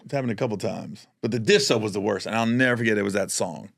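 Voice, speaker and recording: A man chatting as a guest on a podcast, telling a story with lively energy, acting out other people's voices and laughing often as he talks. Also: fairly low pitch, fast, vocal fry. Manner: animated storyteller who acts out other voices; laughs often while talking. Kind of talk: casual podcast chat.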